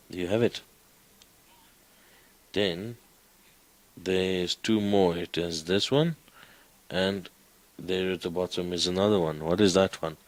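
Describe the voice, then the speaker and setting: A man's voice: low-pitched, no echo, low-quality recording. A man teaching a Greek class, coaxing students with questions. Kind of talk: classroom lecture.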